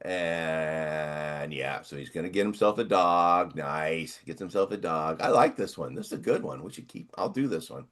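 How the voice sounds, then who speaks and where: An older man co-hosting a casual chat, rambling and reading text aloud in halting bits. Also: low voice, expressive, fairly bright tone. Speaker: podcast co-host.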